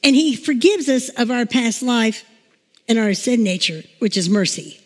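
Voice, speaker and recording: A woman's voice: a little high, lively intonation, a little slow. A woman pastor giving a chatty, emotional sermon, telling stories and laughing along the way. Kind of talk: informal sermon with storytelling. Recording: long reverb in a large room.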